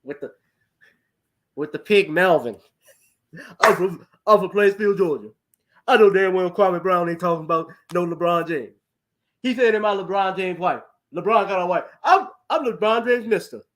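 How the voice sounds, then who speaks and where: A man doing a comic impression of a boastful older male TV sports pundit, taunting and loud. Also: sits high, moderate pace, a little hiss or hum. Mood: cocky taunting.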